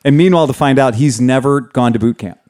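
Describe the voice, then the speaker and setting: A man who owns a motorcycle shop, telling stories in a casual, profane, animated way. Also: medium pitch, quick pace. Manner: animated, profane, laughing storyteller. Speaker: motorcycle dealership owner. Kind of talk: casual storytelling chat.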